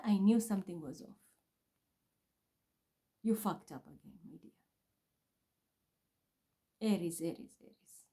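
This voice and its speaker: A woman's voice: fairly low pitch, a little slow, pauses often, dark tone. A woman vlogging from home in an intense, accusatory, repetitive monologue. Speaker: spiritual reader vlogger. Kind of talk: agitated monologue to camera. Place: her home.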